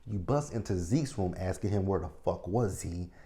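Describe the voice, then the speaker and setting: Low, dark-voiced man ranting profanely. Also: expressive, normal speed. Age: 30s. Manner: blunt, profane, ranting commentary; talks straight to viewers, checking in with "right?". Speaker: TV episode reviewer. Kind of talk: casual recap and review.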